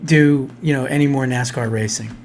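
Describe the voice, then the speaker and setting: A man's voice: mid-range voice, normal speed, darkish tone, slight background noise. A man hosting a live talk radio show, ranting bluntly in casual political talk.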